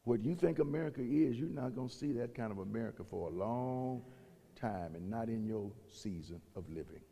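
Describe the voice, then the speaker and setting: Gravelly-voiced preacher man in echoing hall. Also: mid-range voice, animated, normal speed, dark tone. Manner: preaching with rising intensity and quoted voices. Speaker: pastor. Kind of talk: sermon. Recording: long reverb of a large hall.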